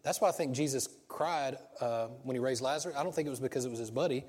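A man's voice: medium pitch, quick pace, a little mellow, breathy edge, long reverb tail. A pastor preaching a sermon in a conversational way, asking rhetorical questions and restarting his sentences.

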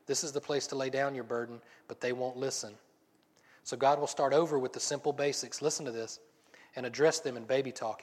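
Preaching a sermon, a man reads scripture passages aloud and then explains them in a relaxed, conversational manner. His voice sits at a medium pitch, and the recording carries a long reverb.

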